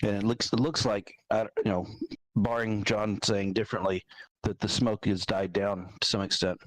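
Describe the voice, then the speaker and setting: A man playing a tabletop role-playing game who puts his ideas forward tentatively and often clears his throat. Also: lowish voice, flat delivery, normal speed, no echo, low-quality recording. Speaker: player. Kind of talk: tabletop role-play chat.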